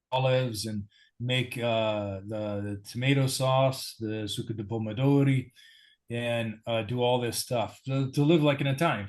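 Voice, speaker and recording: An American man of ordinary pitch talks through a story as an interview guest. He is relaxed and pokes fun at himself as he goes, and his voice sits right in the middle of the male range. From United States. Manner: easygoing, self-deprecating storyteller.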